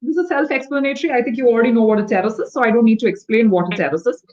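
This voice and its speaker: Woman, English tutor, fast explanations, video call, muffled sound. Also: on the high side, a crowd in the background. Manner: fast-talking, explanatory, patient. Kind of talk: one-on-one online English lesson.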